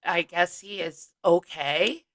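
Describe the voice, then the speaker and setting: Slow-talking bright-voiced woman host. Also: fairly low pitch, poor audio. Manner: easygoing, unhurried, with filler pauses. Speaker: host of a livestream. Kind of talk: casual chat.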